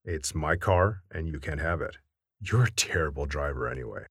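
Deadpan dad, low and quiet, totally unbothered, man doing the voice. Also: normal speed, breathy edge, no echo, clean studio sound, exaggerated voice. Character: dry unflappable father, middle-aged.

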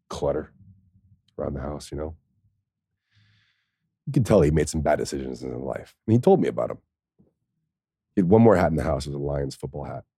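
A man's voice: very deep voice, mellow, breathy edge, dry recording, clean studio sound. A man, a former pro football player, telling a story in a rambling, profane way and laughing often. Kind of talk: casual storytelling.

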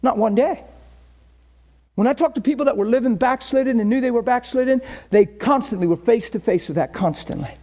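High-voiced impassioned male preacher. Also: brisk. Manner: impassioned, swings from quiet to shouting. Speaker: pastor. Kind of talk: sermon.

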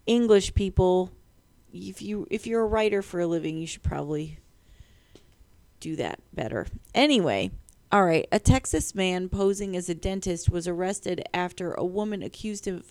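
A woman's voice: on the low side, moderate pace. Giggly woman podcast co-host. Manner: giggly, animated, playful. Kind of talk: casual comedic chat, reading news stories.

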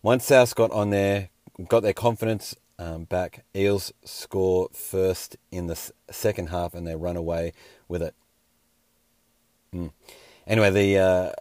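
A man's voice: low voice, darkish tone, dry recording, clean studio sound. A man hosting a casual sports round-up, a little scratchy and hungover, with wry joking asides. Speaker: host.

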